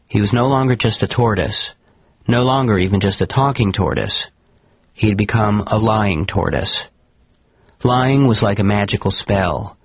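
A man narrating a scripted story on the radio in a calm, measured way. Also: lowish voice, slightly rough, no room sound. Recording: muffled radio broadcast with music.

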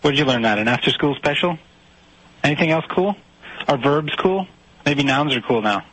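A man's voice: a little high, lively intonation, normal speed, fairly bright tone, slightly rough, no echo, poor audio. A man in a comedic sketch, defensively telling a story and slipping into a put-on, formal delivery. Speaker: storyteller being recorded.

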